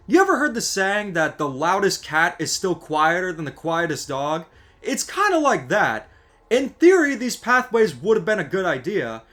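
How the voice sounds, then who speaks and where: Gaming creator, male, high voice that swings widely, sarcastic exasperated rant delivery. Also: fairly bright tone. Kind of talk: scripted ranting commentary.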